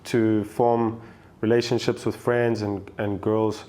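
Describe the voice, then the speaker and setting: A man's voice: fairly low pitch, little pitch movement, slow, dark tone. A young man from Africa, a podcast guest talking casually and often repeating words as he searches for phrasing. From South Africa.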